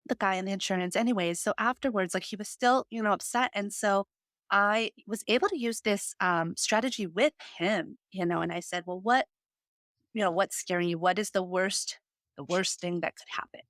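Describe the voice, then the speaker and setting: A woman's voice: mid-range voice, normal speed, fairly bright tone, no echo. Earnest woman podcaster, dry close sound. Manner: earnest, heartfelt storytelling with many fillers. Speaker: podcast host. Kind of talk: casual chat.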